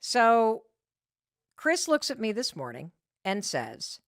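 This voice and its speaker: A woman podcast host telling a personal story to motivate her listeners, animated and emphatic, with frequent restarts. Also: on the high side, slow pace, no room sound, clean studio sound.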